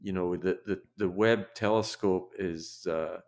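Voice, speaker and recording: An older man, a podcast guest and researcher, chatting in an interview with a reflective, halting manner and frequent restarts. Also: low voice, steady tone, a little mellow. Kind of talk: casual interview chat.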